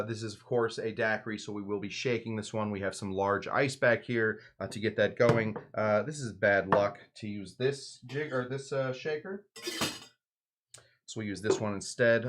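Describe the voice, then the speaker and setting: Rambling low-voiced man hosting a cocktail show. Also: steady tone, normal speed, fairly bright tone, slight background noise. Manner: rambling, filler-heavy, self-deprecating joking. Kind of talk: casual livestream cocktail demo. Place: home bar in Los Angeles.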